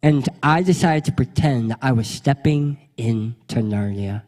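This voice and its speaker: A young adult man, a pastor, telling a funny childhood story in an animated way and acting out the voices of the people in it. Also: mid-range voice, measured pace, in a large hall. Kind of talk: storytelling sermon.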